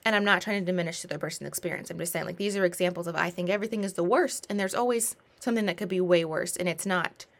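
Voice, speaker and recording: A woman in her twenties telling a personal story in a casual, animated, self-mocking way, with many rambling asides. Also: on the low side, very fast, vocal fry, hardly any pauses. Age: 20s.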